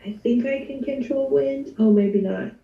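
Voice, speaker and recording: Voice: sits high, normal speed, vocal fry, echoey room, far from the mic, muffled recording. A player in a tabletop game who thinks aloud hesitantly while checking spells.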